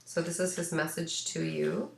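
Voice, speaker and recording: A woman's voice: low voice, steady tone, moderate pace, vocal fry, a little hiss or hum. A woman giving a casual spoken pet reading as an animal psychic, chatty and rambling with lots of ums and restarts, a little sneezy. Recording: echoey room.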